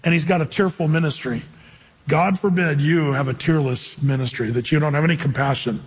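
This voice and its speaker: A male pastor delivers an animated sermon, putting questions to his listeners and acting out the voices he quotes. His voice is a little high and husky, his delivery brisk, and the sound carries the feel of a large room.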